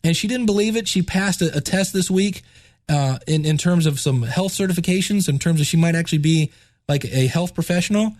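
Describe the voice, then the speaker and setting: Enthusiastic male podcast host and teacher, congested, higher register, dry sound. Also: a little fast, no room sound. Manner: enthusiastic, repeats words when excited. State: stuffed up, congested. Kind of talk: casual solo podcast talk.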